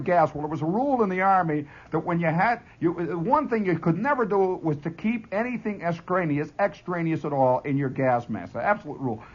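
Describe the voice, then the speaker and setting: Brief: male radio host, lively monologue storyteller, husky edge, muffled 1970s broadcast sound. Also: fairly high pitch. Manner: animated, chuckling as he tells it.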